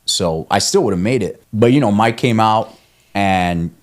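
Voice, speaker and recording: A man's voice: on the low side, measured pace. A man, a guest on a podcast, telling a long story in casual chat, swearing freely and laughing as he goes. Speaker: guest, ultramarathon runner.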